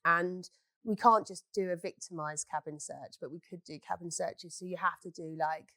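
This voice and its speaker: A woman's voice: lowish voice, moderate pace, sharp tone, dry recording. Blunt, swearing woman. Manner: blunt, swears freely, storytelling. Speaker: beauty business owner. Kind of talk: candid casual chat.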